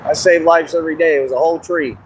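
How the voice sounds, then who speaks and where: A man chatting casually and boastfully on an outdoor livestream, laughing often and going hoarse. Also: fairly high pitch, fairly even intonation, fast, a little hiss or hum, poor audio. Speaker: street performer in costume. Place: outdoors in a park.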